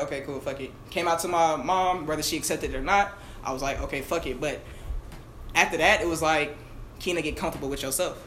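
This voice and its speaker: A young adult podcast co-host telling a personal story in fast, candid, slang-filled casual chat. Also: mid-range voice, a bit bright. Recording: echoey room, mic at a distance, faint hiss.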